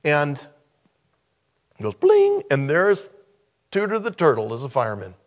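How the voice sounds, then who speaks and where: A man's voice: mid-range voice, big pitch swings, normal speed. A man preaching a sermon as a pastor, emphatic and repeating key phrases for weight.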